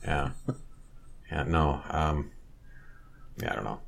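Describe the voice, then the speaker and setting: A man in casual chat who laughs easily and throws in quick asides. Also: a bass voice, gravelly.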